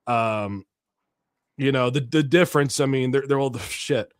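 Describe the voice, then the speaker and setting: A man's voice: medium pitch, moderate pace, clean tone, no room sound. A man hosting a political talk show, ranting in a blunt, heated way with many restarts. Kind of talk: casual opinionated commentary.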